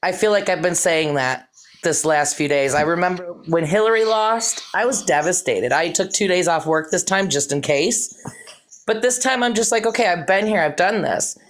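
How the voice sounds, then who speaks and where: A woman with a notably low voice calls in to a live stream. She is frank and matter-of-fact, saying plainly what she thinks. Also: normal speed. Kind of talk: casual chat.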